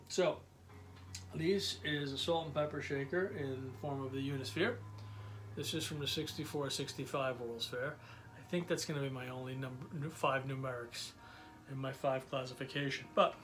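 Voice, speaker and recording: A man's voice: fairly high pitch, unhurried, fairly bright tone, soft background music. A man, chatty and enthusiastic, showing his collection with many fillers in a casual vlog. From New York, USA. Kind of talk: casual show-and-tell vlog.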